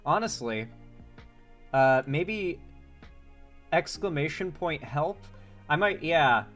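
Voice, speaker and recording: A man's voice: fairly high pitch, animated, takes it slowly, fairly bright tone, faint music behind. A man hosting a casual livestream, reading out chat names one by one and rambling through asides. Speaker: livestream host.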